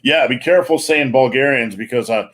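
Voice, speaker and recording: A man's voice: medium pitch, fairly quick, fairly bright tone. A man hosting a live online Q&A, chatting casually and joking, with plenty of fillers. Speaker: host. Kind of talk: live-stream Q&A chat.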